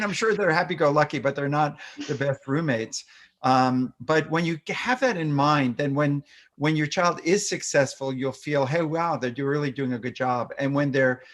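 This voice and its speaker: Give me a fairly high-voiced male doctor chatting about parenting, who sometimes breaks into demonstrations. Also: lively intonation, normal speed, fairly bright tone. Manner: explanatory, acts out parent-child phrases; frequent fillers and restarts. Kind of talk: fireside chat webinar.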